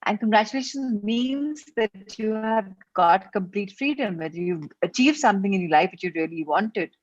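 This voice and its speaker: A woman's voice: medium pitch, expressive, normal speed, no room sound, lo-fi sound. Indian woman coaching a self-help class. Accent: Indian English. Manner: mixes English and Hindi, instructive, repeats herself.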